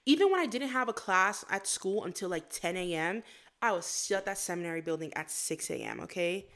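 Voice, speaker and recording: A young woman from Florida chatting as a podcast guest. She talks in a lively, animated way and slips into acted-out quotes as she tells her stories. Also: fairly low pitch, a little fast. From Florida, USA. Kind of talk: casual interview chat.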